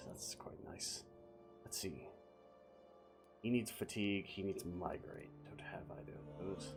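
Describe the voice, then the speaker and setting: A man's voice: low voice, animated, slow, gravelly, long pauses, darkish tone, faint music behind. A man streaming a game, muttering to himself and joking in a theatrical put-on British accent. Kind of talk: live gameplay commentary.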